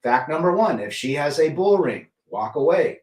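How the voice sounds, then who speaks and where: A man's voice: a little high, very animated, normal speed, a little mellow. A middle-aged man hosting a casual livestream, giving blunt opinions and greeting chatters by name. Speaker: livestream host reading chat. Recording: roomy echo, mic at a distance.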